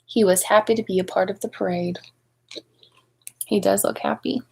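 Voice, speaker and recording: A woman reading a picture book aloud to young children, expressive and adding chatty asides to her listeners. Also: mid-range voice, moderate pace, gravelly, husky, low-quality recording. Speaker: storybook reader at a speech clinic.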